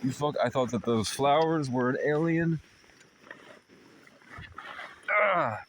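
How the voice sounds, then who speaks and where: A man in a comedic outdoor rant by a tent at night near a river, profane and rambling as he yells and taunts an animal. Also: fairly high pitch, normal speed, noisy background.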